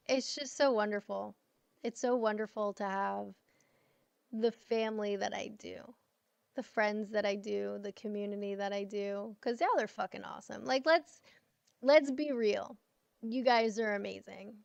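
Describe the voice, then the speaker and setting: A woman's voice: on the high side, gravelly, clear, resonant tone, dry recording, muffled recording. A tired woman in her thirties chatting casually to friends on a livestream, affectionate and swearing freely.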